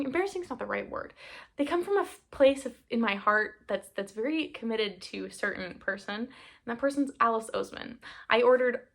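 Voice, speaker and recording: A woman's voice: medium pitch, a bit bright. A young woman from the United States chatting casually to camera about a book haul, rambling and interrupting herself, teary and half-crying at times. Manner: rambling, self-interrupting, laughing through tears. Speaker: book vlogger.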